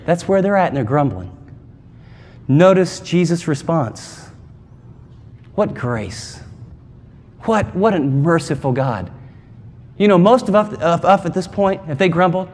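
A man's voice: a little high, lively intonation, a little slow, long pauses. A man preaching a sermon as pastor, emphatic and conversational, with dramatic asides. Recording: long hall reverb.

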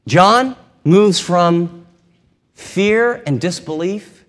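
A man preaching a sermon, retelling a scripture story in an animated way and acting out its scenes, in a long hall reverb. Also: high voice, very slow. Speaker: pastor.

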